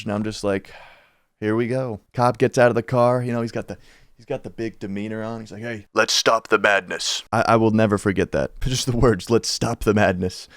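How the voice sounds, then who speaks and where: A young man casually telling a story from his school days over gameplay, slangy and animated, acting out what people said. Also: no echo, clean studio sound. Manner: animated, slangy, acts out quotes with shifting pitch. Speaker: YouTuber telling a life story.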